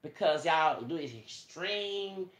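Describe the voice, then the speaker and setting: A man's voice: a little high, expressive, slow, a bit bright, roomy sound. A man delivering a preachy, profane rant straight to his viewers, quoting scripture and calling them y'all. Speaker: vlogger. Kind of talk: ranting monologue to viewers.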